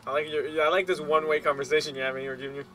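Teasing gamer sidekick, man, bright tone, slightly high. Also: level tone, rapid-fire, slight background noise, low-quality recording. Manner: joking, teasing quips. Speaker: gamer co-host. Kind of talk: casual banter.

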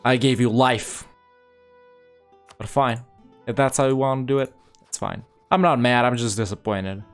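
A young man talks through his game in a loose, exasperated way, mocking himself and turning each setback into mock drama. His pitch sits in the middle of the usual range for a man, and faint music plays under his voice. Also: normal speed. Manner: exasperated, self-mocking, frequent laughs and mock-dramatic asides. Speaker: gaming YouTuber. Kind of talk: casual gameplay commentary.

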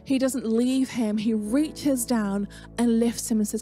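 A woman's voice: on the high side, fairly even intonation, measured pace, few pauses, warm tone, faint music behind. Chatty English woman preaching. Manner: chatty, conversational preaching with personal stories. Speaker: pastor. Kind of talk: online sermon.

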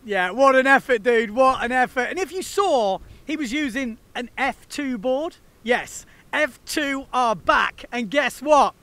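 A man's voice: very high voice, animated, measured pace, few pauses, sharp tone, dry recording. A man hosting a windsurfing video, chatting casually and enthusiastically to the camera in slangy talk.

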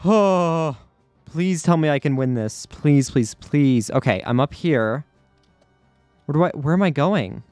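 A man's voice: fairly high pitch, expressive, unhurried, darkish tone, dry recording, faint music behind. A man giving live commentary over his own gameplay, anxious and repeating himself under pressure. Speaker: gaming YouTuber.

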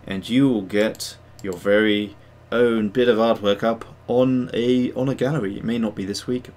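A slightly mellow man's voice, on the low side and steady in tone, moves at normal speed. He hosts a digital sculpting stream, rambling casually while reading viewers' messages and teasing himself.

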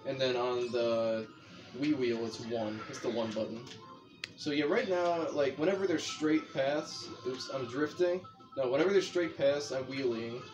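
A man's voice: mid-range voice, measured pace. A young man casually explaining a racing video game as he plays, rambling and correcting himself as he goes. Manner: rambling, chatty, self-correcting. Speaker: gameplay commentator. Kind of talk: casual gameplay tutorial. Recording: music playing behind. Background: game music.

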